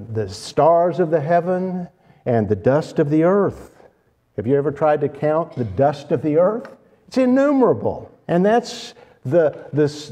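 A man preaching a sermon, speaking slowly and deliberately and stressing key words. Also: a little high, warm tone.

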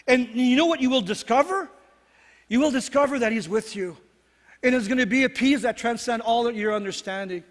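High-voiced pastor preaching in an echoing hall. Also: male voice, moderate pace, a bit bright. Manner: earnest, repeats phrases, asks "right?" often. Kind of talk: sermon. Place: church sanctuary. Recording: long hall reverb.

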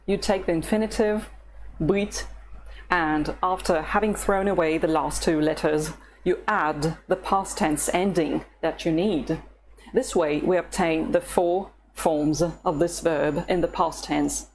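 Woman teaching a language lesson, really slow, lowish voice, faint hum behind. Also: fairly even intonation, a little mellow. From Russia. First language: Russian. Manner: patient and encouraging, pausing for the listener to repeat.

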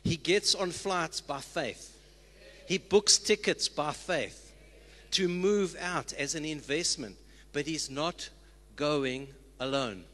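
A man's voice: a little high, slow pace, a bit bright. A man, a church leader, exhorting the congregation earnestly with call-and-response lines. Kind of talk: sermon. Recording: long reverb of a church hall.

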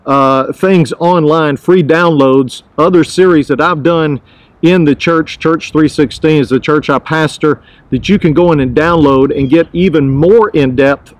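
A male pastor with a somewhat high voice gives an earnest podcast devotional. He leans on his key phrases and says them again for weight, in a steady teaching manner. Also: no echo, rough recording.

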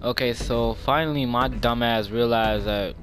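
A young man casually commentating his own online game, cursing and trash-talking, with bursts of yelling. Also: medium pitch, steady tone, moderate pace, faint music behind. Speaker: gaming channel host. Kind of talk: live gameplay commentary.

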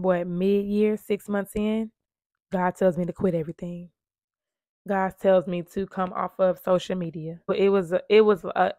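A woman's voice: medium pitch, no echo, studio quality. A woman in her thirties earnestly telling her own life story to camera in a conversational way. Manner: earnest, conversational, shifting from hushed to emphatic.

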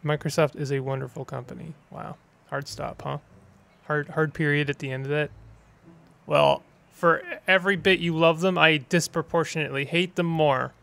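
A male gaming streamer chatting casually over his play, quick with sarcastic jokes. His voice sits a little high for a man. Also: steady tone, gravelly, fairly bright tone. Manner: joking, sarcastic asides. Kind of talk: casual let's play commentary.

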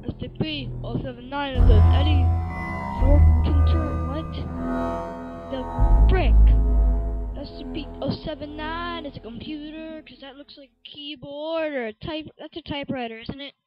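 Excitable high-voiced woman gaming. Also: moderate pace, phone-quality sound, loud music behind the voice. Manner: excitable, shouting outbursts, mild swearing. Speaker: gaming channel host. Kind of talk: casual gameplay commentary.

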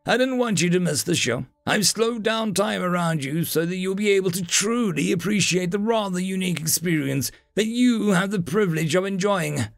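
A man's voice: high voice, normal speed, creaky, hardly any pauses, no echo, studio quality, voice pushed up. A man voicing a smug, easygoing male human god with a laid-back sarcastic drawl. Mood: mocking.

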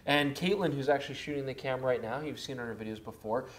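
A man's voice: mid-range voice, fast talker, slight background noise. A man, co-hosting a casual, joking chat about camera gear. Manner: animated, jokey, laughs often. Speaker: co-host of camera gear show.

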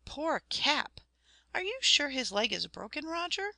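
Brief: a woman playing an earnest, tender-hearted young girl, raised bright voice, dry close sound. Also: sits high, big pitch swings, measured pace, no room sound, pitched above the performer's own voice, heavily acted. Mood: pleading. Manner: earnest, eager.

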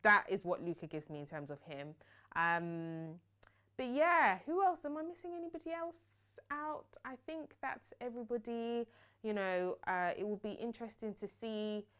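Young woman ranting about reality tv, sassy, smooth voice, does mock voices of people. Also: mid-range voice, normal speed, fairly bright tone. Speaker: reality TV reviewer. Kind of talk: casual opinionated commentary.

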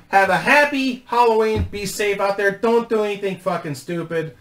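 Speaking at a moderate pace in a high voice, a YouTube host laughs readily while telling a rambling, profane story directly to camera on his channel. The audio is a bit bright, with a roomy, echoey quality.

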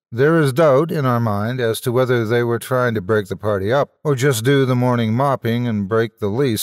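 A man's voice: medium pitch, studio quality. Theatrical male storyteller with long reverb. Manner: theatrical, wry. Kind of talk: dramatic story narration.

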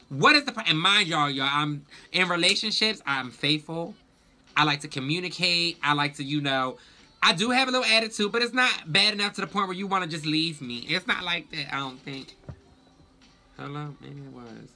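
A young man telling a storytime vlog in a sassy, profane, animated way. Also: a little high, moderate pace. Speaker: vlogger.

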